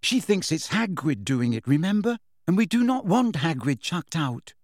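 A man's voice: fairly high pitch, very animated, normal speed, no room sound, clean studio sound, voice pushed up. A man voicing an indignant teenage schoolgirl. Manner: sharp, indignant and scolding. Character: clever, hot-tempered teenage schoolgirl witch.

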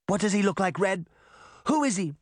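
A fierce young girl in a storybook who demands answers and will not let up, as a man puts her on. Her voice is raised high and urgent, with a wide, animated range. The recording is dry and close. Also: moderate pace, no room sound, close to an everyday voice. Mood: pleading.

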